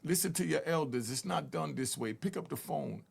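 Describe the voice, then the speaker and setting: Older New man in his sixties, gravelly and a touch high, earnest street-wise host making a direct plea. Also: lively intonation, normal speed. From Harlem, New York. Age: 60s. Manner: earnest, pleading, street-style talk with rising emphatic peaks. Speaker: channel host telling prison stories. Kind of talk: direct-to-camera commentary.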